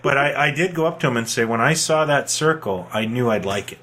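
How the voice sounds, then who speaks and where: A middle-aged man co-hosting a podcast, telling animated anecdotes and laughing as he talks. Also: medium pitch, fairly quick. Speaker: podcast co-host. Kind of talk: casual nostalgic chat.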